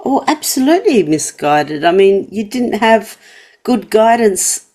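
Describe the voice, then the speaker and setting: A woman's voice: mid-range voice, big pitch swings, a little slow, darkish tone. A woman hosting a podcast interview, empathetic and affirming toward her guest. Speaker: podcast host.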